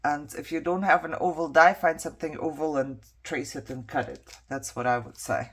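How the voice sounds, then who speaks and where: A woman vlogger with a low, breathy-edged voice chats casually to herself while working on a craft project. Her intonation is fairly even and her pace moderate, and she trails off, picks back up, and vents her frustration.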